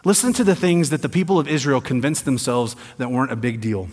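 A man from the American South, preaching a sermon that swings between quiet emphasis and rising intensity, with sarcastic asides. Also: mid-range voice, fast talker, breathy edge. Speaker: pastor. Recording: long hall reverb.

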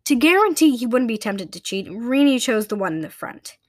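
A woman's voice: fairly high pitch, lively intonation, brisk, no echo, clean studio sound. A woman reading a children's novel aloud in a plain, unpolished way, with occasional slips and restarts. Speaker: reader.

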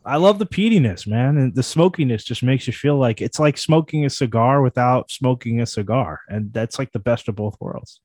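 A man's voice: medium pitch, animated, normal speed, hardly any pauses, a little mellow, dry recording. Rambling man co-hosting a podcast. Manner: rambling, self-deprecating, many restarts. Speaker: podcast co-host. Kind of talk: casual podcast chat.

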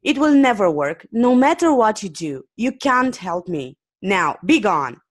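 A woman reading aloud and voicing an angry, distrustful man who owns the place and shouts dismissively. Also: mid-range voice, sing-song, moderate pace, pitched above the performer's own voice. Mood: furious.

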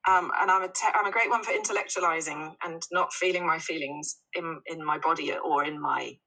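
Woman, casual earnest talker who laughs easily; bright, husky edge. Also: deep voice, fairly even intonation, brisk, poor audio. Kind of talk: casual chat.

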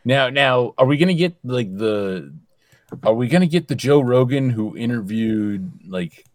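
A man hosting a casual comedy podcast, talking in halting bursts and steering the chat. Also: mid-range voice, lively intonation, no room sound, clean studio sound. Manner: halting, lots of restarts and laughs. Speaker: podcast host.

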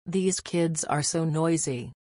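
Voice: mid-range voice, takes it slowly, warm tone, no echo, natural voice. A cranky old woman from a bedtime storybook who has no patience for noisy children, read out by a narrator. Her lines come close and dry, with no room sound around them. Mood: irritated.

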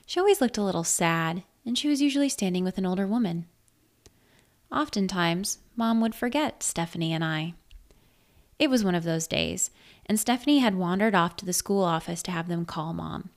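A woman narrating a first-person story in a measured, reflective way. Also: fairly low pitch, animated.

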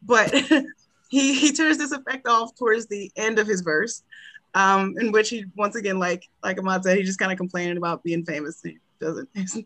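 An enthusiastic woman chatting as a podcast guest, her voice bright and forceful. She laughs often and pauses with fillers while she gathers her thoughts. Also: mid-range voice, fairly even intonation. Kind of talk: casual chat.

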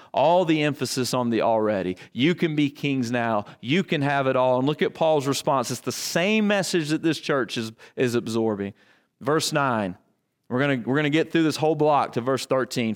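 A man's voice: mid-range voice, expressive, unhurried. A male pastor preaching a sermon, building emphasis through repetition and rhetorical questions.

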